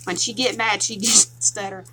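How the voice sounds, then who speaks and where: With a strong Southern twang, a Tennessee woman laughs often and chats casually as she leads a craft tutorial. Her mid-range voice is pushed and bright, with fairly even intonation and a moderate pace, on poor audio with slight background noise.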